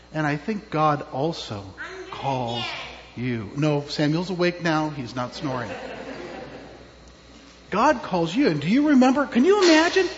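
A man, a pastor, giving a children's sermon in a church, telling a story with questions to the kids. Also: high voice. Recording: dull with long church reverb.

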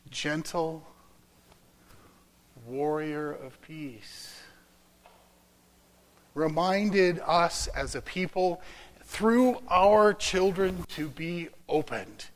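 A man's voice: a little high, very slow, long pauses, poor audio. Dramatic male preacher telling a story. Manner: dramatic, swinging from loud to whispered. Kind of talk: sermon storytelling.

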